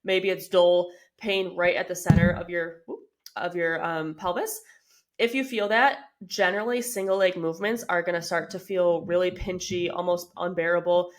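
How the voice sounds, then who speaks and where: A woman's voice: on the low side, fairly even intonation, normal speed. A woman in her thirties hosting a podcast, explaining things in a casual, chatty way with many "like" and "um" fillers. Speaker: podcast host, fitness coach.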